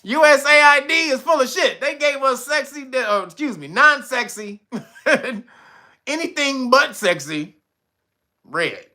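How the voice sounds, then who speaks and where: A man's voice: extremely high pitch, expressive, a little slow, bright, forceful tone. A man hosting a livestream commentary, profane and mocking, laughing often and talking to his chat. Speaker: channel host. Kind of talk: livestream commentary reading news.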